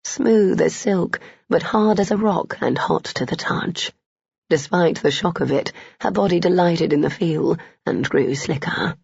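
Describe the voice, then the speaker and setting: Husky woman reading a romance audiobook, gravelly, dry dull sound. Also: fairly low pitch, measured pace, darkish tone, no room sound. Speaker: narrator.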